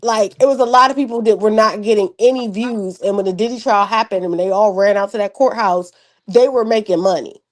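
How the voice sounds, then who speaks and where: Casting: mid-pitched woman, chatty podcast co-host, loose and rambling. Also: a little fast. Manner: rambling, many filler likes. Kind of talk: casual chat.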